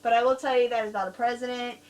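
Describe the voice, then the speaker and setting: A woman co-hosting a casual horror-film review, telling stories in a giggly, animated way. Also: on the high side, very fast, low-quality recording. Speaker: co-host reviewing horror films. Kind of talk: casual chat.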